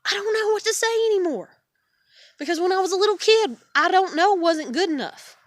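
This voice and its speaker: High-voiced frustrated woman venting. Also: expressive, fairly quick, dry recording, studio quality. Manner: swearing, exasperated, trailing off into weary sighs. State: upset and stressed. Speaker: vlogger. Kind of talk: frustrated personal vent to camera.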